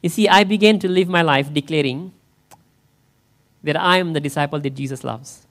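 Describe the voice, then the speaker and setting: This pastor-role speaker has a fairly high, fairly bright voice and a moderate pace. He delivers his church sermon conversationally, regularly asking his listeners questions.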